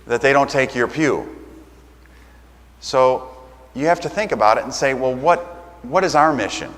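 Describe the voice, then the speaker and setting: A man's voice: mid-range voice, a bit bright. A man delivers a sermon from the pulpit in an easy, conversational way, slipping into little acted-out dialogues. His mid-range voice rings out with a long church reverb around it. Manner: conversational, acts out quoted exchanges. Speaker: pastor.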